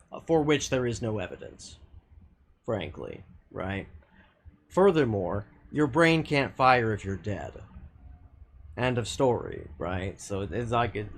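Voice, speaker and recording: A man streaming from home, arguing with his chat in a blunt, loose way. He swears freely and restarts his sentences. His pitch moves up and down a lot as he argues. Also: a little hiss or hum. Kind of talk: casual live-stream chat.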